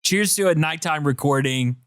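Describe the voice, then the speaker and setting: An enthusiastic man co-hosting a podcast, loose and profane in casual chat. His voice runs a little high. The sound is dry and close. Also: normal speed, dry recording. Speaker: podcast host.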